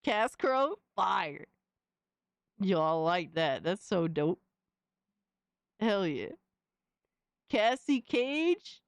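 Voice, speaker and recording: A woman's voice: mid-range voice, big pitch swings, drawn-out words, pauses often, no room sound. A young woman streamer reacting casually to fan images, slangy and exclamatory, often laughing.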